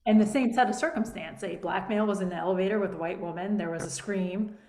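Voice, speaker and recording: A woman co-hosting a conversation, halting and soft, trailing off and restarting her sentences. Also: medium pitch. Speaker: co-host. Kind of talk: casual chat. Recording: echoey room, faint noise.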